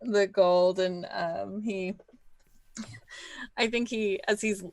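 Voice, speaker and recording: Slow, dry-sounding woman player. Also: mid-range voice, steady tone, no echo. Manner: hesitant, thinking aloud. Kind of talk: casual tabletop play.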